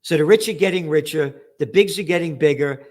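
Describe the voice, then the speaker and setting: A man's voice: on the high side, a little fast, darkish tone. An older man hosting a news commentary, ranting angrily and profanely, with sarcastic emphasis as he reads out headlines.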